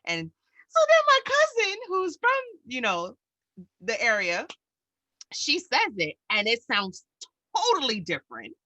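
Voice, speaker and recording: A New York woman co-hosts a casual podcast chat, animated and full of acted-out reactions. Her pitch jumps around freely, her voice is bright and forward, and she keeps a measured pace. The sound is dry with no room behind it.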